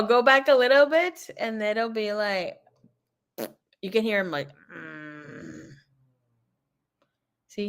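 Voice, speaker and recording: Woman tarot reader rambling on a livestream, swears a lot, laughs a lot, mid pitch. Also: smooth. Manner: chatty, profane storytelling; laughs often. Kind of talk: casual livestream chat.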